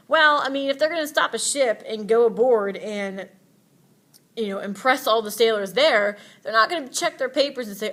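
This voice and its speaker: A woman's voice: a little high, animated, moderate pace, a bit bright. A woman teacher giving a casual, chatty history lecture with playful asides.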